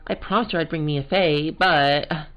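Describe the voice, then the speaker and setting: Here a man voices an eager teen girl, a sixteen-year-old aspiring scientific investigator, in a Valley Girl style. The performance is lightly acted, with his voice pushed up on the high side at normal speed. Expect muffled sound and game music behind.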